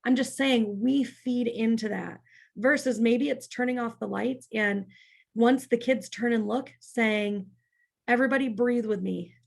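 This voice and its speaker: Gravelly woman leading staff training. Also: on the high side, fairly even intonation, measured pace. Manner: practical, checks in with frequent "right?". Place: church parlor.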